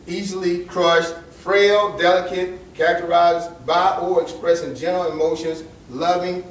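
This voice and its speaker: A man in his forties gives a lecture to young men and talks to them plainly and directly, with questions to the crowd. His voice sits slightly high. It is recorded from a distance in an echoey hall with faint noise underneath. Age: 40s. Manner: conversational, direct questions to the audience.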